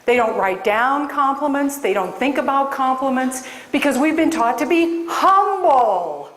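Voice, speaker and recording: A woman from Des Moines gives a keynote talk to a live audience, slow and deliberate, pressing each point home. Her voice rings out in a large hall with a long, roomy echo. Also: high voice, expressive. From Des Moines, Iowa. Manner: emphatic, storytelling, addresses audience. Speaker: career coach and speaker. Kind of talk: keynote speech.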